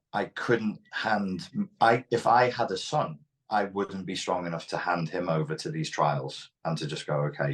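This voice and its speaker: A man with a Liverpool Scouse accent, speaking frankly and reflectively as an interview guest. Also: low voice. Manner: reflective, frank, occasionally swears. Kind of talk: candid interview talk.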